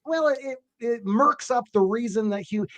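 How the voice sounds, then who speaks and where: A man telling stories in casual chat, animated and acting out the lines of the people he quotes. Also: very high-pitched, moderate pace. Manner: animated storyteller, acts out quotes.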